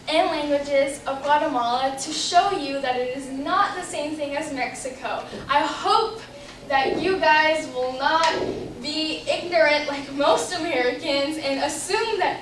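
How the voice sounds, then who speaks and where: A woman's voice: high voice, fairly bright tone, slight background noise. A young woman giving an informative class speech, chatty and explaining with examples. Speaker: student giving a class presentation. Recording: roomy classroom audio from a distant camera.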